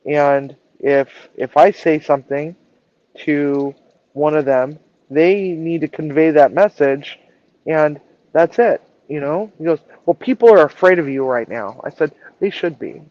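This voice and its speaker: A woman's voice: deep voice, measured pace, mellow, dull audio. A woman chef telling a story in a casual live stream, acting out the dialogue and swearing freely. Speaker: chef and culinary director.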